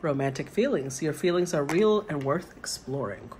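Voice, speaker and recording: A woman's voice: sits low, animated, normal speed, hardly any pauses, noisy background. A woman tarot reader who reads the card meanings aloud and then muses over them in a casual way.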